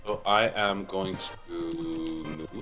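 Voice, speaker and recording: Deep-voiced man playing a tabletop game. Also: fairly even intonation, takes it slowly, over music. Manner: hesitant, with ums. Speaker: player. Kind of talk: casual tabletop play.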